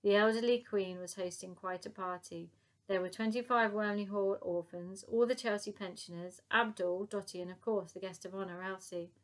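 Expressive woman narrating a children's story. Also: medium pitch, normal speed. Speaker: audiobook narrator.

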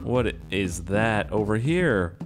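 Animated young man's gameplay commentary. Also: lowish voice, slow, over music. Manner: rambling, joking and swearing, talking to himself. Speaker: gaming YouTuber. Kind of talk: let's play commentary.

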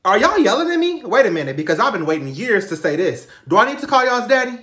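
A man voicing a loud, sassy single mother with a brash, teasing manner. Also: high voice, huge pitch swings, fast talker, reverberant, pitched above the performer's own voice, exaggerated voice.

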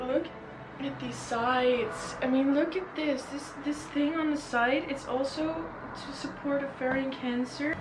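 A woman's voice: high-pitched, steady tone, a little slow, over music, low-quality recording. A young woman vlogging casually, gushing and close to tears with emotion. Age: young adult. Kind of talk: casual vlog unboxing.

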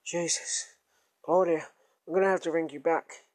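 A man's voice: a little high, steady tone, normal speed, darkish tone, lightly acted. A man putting on a groaning, exasperated man stuck on a toilet in a comic story. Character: man named John straining on a toilet.

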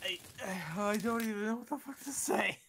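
A woman's voice: on the high side, normal speed, vocal fry, heavy background noise. A woman on a voice call, stunned and answering in short lines. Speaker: guest on a call. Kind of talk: casual chat on a voice call.

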